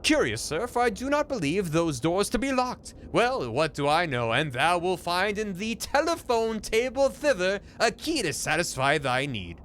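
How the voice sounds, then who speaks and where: Man putting on a haughty, old-fashioned landlady; pitched up, lively, grand archaic phrasing. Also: moderate pace, hardly any pauses, slight background noise. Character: formal archaic-speaking woman landlord.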